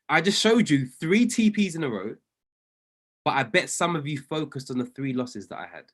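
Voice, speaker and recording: A man working as a trading coach, giving a motivational talk on a live video call. He is earnest and encouraging and repeats phrases for emphasis. He swings between loud pleading and hushed near-whispers. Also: fairly high pitch, sing-song, moderate pace.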